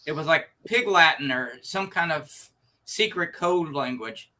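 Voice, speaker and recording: Bright-voiced chatty male host. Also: on the high side, animated, a little slow. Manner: chatty, laughs easily, tells anecdotes. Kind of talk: casual chat.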